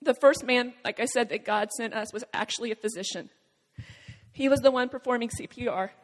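A woman with a high voice tells a personal testimony, earnest and halting, with long pauses between phrases. Her voice rings out with the long reverb of a large hall. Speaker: speaker sharing a personal testimony. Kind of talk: emotional spoken testimony.

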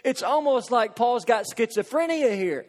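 A man preaching a sermon, earnest, posing rhetorical questions and dropping into hushed intensity. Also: very high voice, expressive, normal speed. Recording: long hall reverb.

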